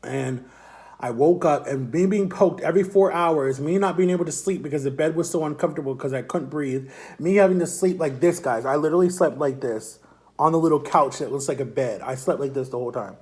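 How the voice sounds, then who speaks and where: A young man telling a long personal story to his camera in a rambling, repetitive, animated way. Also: a little high, brisk. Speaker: vlogger.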